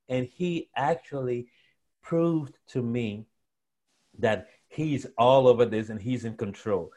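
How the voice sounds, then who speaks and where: A man's voice: mid-range voice, takes it slowly. A young man telling his story as a guest in an interview, acting out the voices of the people he quotes. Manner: animated storyteller, acts out quotes.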